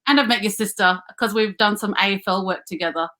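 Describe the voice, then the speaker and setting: A woman's voice: mid-range voice, quick pace, bright, forceful tone, poor audio. A woman hosting a live online interview show, upbeat as she greets viewers and asks questions. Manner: upbeat, reads out viewer locations.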